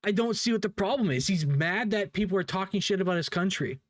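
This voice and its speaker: A man's voice: sits high, lively intonation, fast talker, no room sound, clean studio sound. A young man hosting casual drama commentary, rambling and profane, restarting sentences and laughing at what he reacts to.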